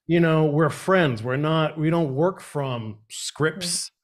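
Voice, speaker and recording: A man's voice: a little high, takes it slowly. A man hosting a live stream, chatting casually and rambling with lots of fillers. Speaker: host of a live channel.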